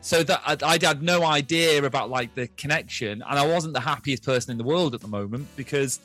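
A man chatting on a podcast, telling animated stories, laughing often and slipping into accents. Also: mid-range voice, fairly quick, dry recording, faint music behind. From family from Liverpool. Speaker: podcast guest. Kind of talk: casual podcast chat.

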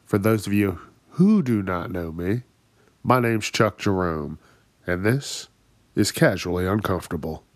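Slow, dry-voiced man ranting profanely. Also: low-pitched, lively intonation, dry recording. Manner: profane, exasperated, laughs at his own jokes. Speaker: podcast host. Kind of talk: solo comedic rant.

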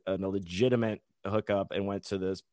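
A man's voice: low voice, fairly even intonation, brisk, a little mellow, no room sound, studio quality. A man guesting on a podcast, telling a rambling, profane anecdote full of restarts and asides.

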